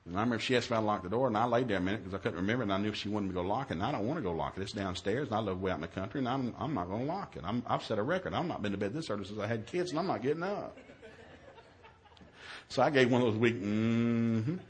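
A man who is a minister, telling a humorous story in a sermon, acting out his own yelled lines in a raised voice. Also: racing. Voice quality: animated, shifts to high yelling quotes.

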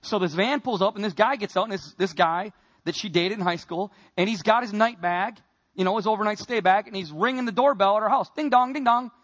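Speaking fairly quickly in a noticeably high voice, a Wisconsin man shares his personal testimony as an emotional sermon. His earnest storytelling swings between quiet, weighty passages and forceful, emphatic ones.

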